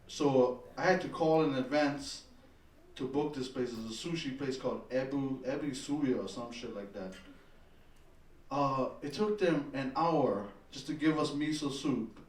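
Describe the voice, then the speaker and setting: A man telling a profane, animated story in a stand-up comedy set on a club stage. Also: mid-range voice, measured pace, echoey room, far from the mic.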